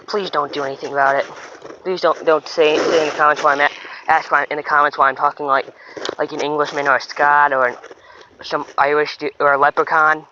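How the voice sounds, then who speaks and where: A man giving rambling, chatty commentary as he fishes by a pond, often stopping and restarting his sentences. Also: a little high. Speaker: fishing vlogger. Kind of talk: casual running commentary while fishing. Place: outdoors by a pond. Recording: dull lo-fi outdoor recording with noise.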